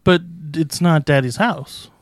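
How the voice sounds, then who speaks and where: A man co-hosting a podcast, trading playful deadpan jokes and wordplay in casual chat. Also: fairly high pitch, unhurried, dry recording. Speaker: podcast co-host. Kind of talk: casual chat about movies.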